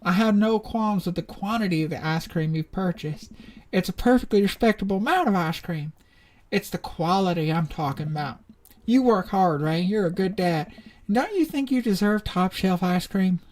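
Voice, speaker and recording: A woman reading game dialogue aloud as a gruff, teasing middle-aged dad with a blunt, drawling manner. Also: fairly low pitch, expressive, moderate pace, darkish tone.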